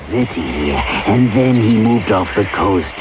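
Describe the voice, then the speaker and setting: Deep, slow-drawling rainforest creature. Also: male voice, lively intonation, muffled recording, background noise. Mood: sneering. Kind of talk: TV game show clue report.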